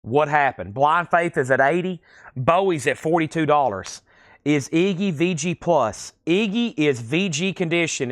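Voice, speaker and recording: A man's voice: fairly high pitch, a bit bright, no echo, studio quality. Lilting Tennessee man calling record prices. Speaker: live sale host. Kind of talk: live-stream auction selling.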